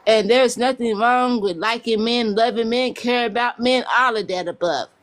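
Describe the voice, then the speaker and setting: A woman's voice: on the high side, moderate pace. A woman on a live panel, confrontational and stammering as she rebukes another speaker. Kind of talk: heated live-stream debate.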